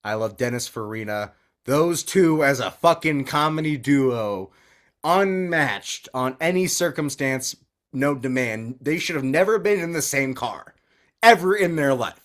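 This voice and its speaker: Man, podcast co-host, lively swinging pitch, profane and rambling casual chat. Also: unhurried. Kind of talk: casual movie review chat.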